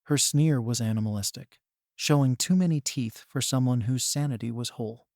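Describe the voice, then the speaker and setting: A man's voice: medium pitch, normal speed, darkish tone, dry recording. Man narrating fan fiction, dry sound. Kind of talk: audiobook reading of fan fiction.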